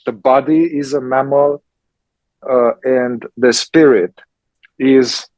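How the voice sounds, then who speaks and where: A man, a therapist and teacher answering questions in a slow, emphatic conversational way, often checking in with "yeah?". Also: medium pitch, fairly even intonation, darkish tone, no echo, poor audio. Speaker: somatic psychotherapist and teacher.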